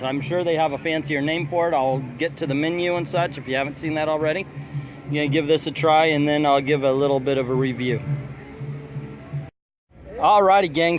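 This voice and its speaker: At an outdoor theme park festival, a male vlogger chats, jokes and reads menu items for his casual food video, with loud music playing nearby. His voice is a little high at normal speed, against a noisy background.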